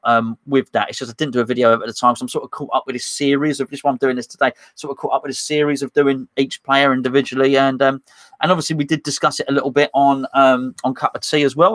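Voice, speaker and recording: A man's voice: a little high, a bit bright, no echo. A man hosting a casual live stream, reading out viewer comments and rambling between them with many restarts. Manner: rambling and chatty, with frequent restarts and fillers. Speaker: host of a live fan chat stream.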